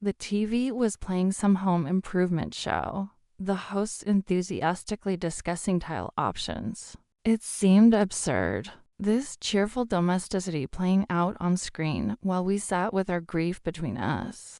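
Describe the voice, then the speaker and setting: Low, lively woman storyteller. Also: measured pace, few pauses, no room sound, clean studio sound. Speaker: narrator. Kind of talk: scripted first-person story narration.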